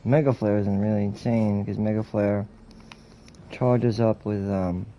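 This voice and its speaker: A man's voice: on the low side, steady tone, a little slow, mellow, a little hiss or hum, rough recording. A man streaming a video game with casual commentary, joking and mock-ranting with heavy swearing. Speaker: gaming streamer.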